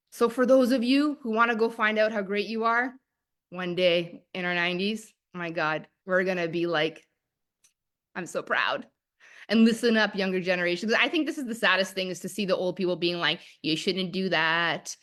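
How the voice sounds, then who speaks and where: Woman, 30s, manifestation coach: emphatic, excited motivational delivery, mid-pitched. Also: normal speed. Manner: excited, emphatic, repeats phrases. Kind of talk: motivational masterclass talk.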